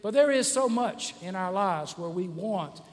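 A man's voice: high-pitched, expressive, measured pace. A man in his sixties preaching a sermon as pastor, conversational, with many "uh" fillers and restarts. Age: 60s. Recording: church hall with long reverb.

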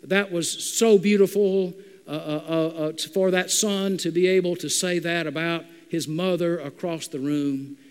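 Gentle kind priest quoted by a high-voiced preacher, halting, big echoey hall. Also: male voice, steady tone, clean tone, close to an everyday voice. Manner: halting, with fillers. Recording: long reverb of a large hall.

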